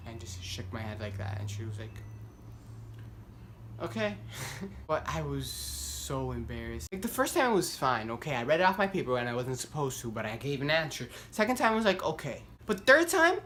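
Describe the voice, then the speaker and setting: A young man vlogging, telling a story casually and rambling with lots of "like" fillers, getting animated as he goes. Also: medium pitch, a little fast, a little hiss or hum. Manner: rambling, heavy use of "like", self-deprecating; animated, voice climbs when worked up.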